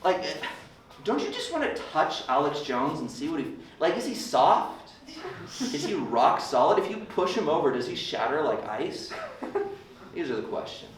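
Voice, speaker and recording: A man's voice: on the high side, big pitch swings, moderate pace. A young man doing a rambling, self-deprecating stand-up set at an open mic, slipping into ranting voices now and then. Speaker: stand-up comedian. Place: club open mic room. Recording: echoey room, distant mic, faint hiss.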